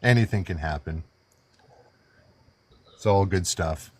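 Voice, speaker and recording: Man, lowish voice, upbeat host, casual live stream chat. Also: takes it slowly, darkish tone. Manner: upbeat, auctioneer-like calls. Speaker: livestream host.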